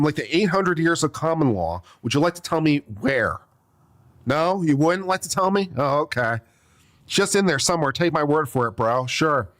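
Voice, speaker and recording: With a slightly high, fairly bright voice, an attorney commentator reads from a legal brief and picks it apart through exasperated, sarcastic asides. He coughs from time to time.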